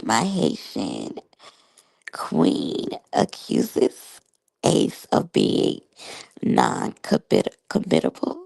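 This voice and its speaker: Thirties woman, vlog reviewer, chatty, slow-paced and husky; addresses viewers directly. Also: mid-range voice, a little mellow, no room sound, low-quality recording. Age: 30s. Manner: chatty, talks straight to the audience. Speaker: reality show reviewer. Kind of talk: casual commentary to viewers.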